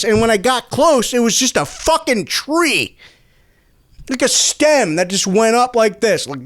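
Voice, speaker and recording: Man, comedy host, high voice, lively swings in pitch, profane rambling rant, dry close sound. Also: dry recording. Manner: profane, excitable, stumbling over words.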